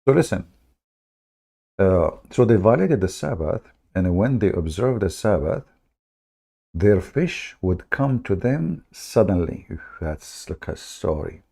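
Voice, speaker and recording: A man's voice: low voice, very animated, slow pace, gravelly, warm tone, breathy edge. A man hosting a livestream, telling a story in a mocking, sarcastic way in broken English. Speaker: host of a livestream. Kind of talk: livestream commentary.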